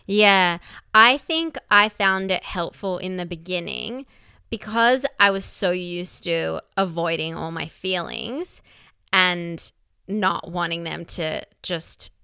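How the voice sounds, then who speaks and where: A woman's voice: lowish voice, slow pace, creaky, bright, forceful tone, clean tone, dry recording, clean studio sound. A woman co-hosting a casual podcast chat, talking earnestly and candidly.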